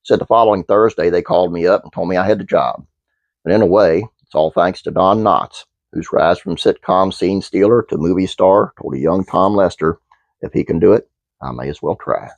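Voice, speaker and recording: A man's voice: sits low, moderate pace, creaky, a little mellow, dry recording, dull audio. A man hosting his own channel, reading a trivia script aloud with fillers and restarts, then chatting casually to viewers. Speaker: channel host.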